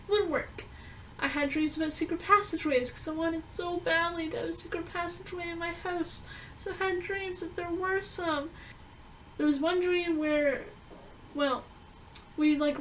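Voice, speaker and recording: A young woman vlogger chattily recounting her dreams from a journal, with quick asides to the viewer. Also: very high-pitched, a bit bright, far from the mic, a little hiss or hum, poor audio. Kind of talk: reading a dream journal to camera.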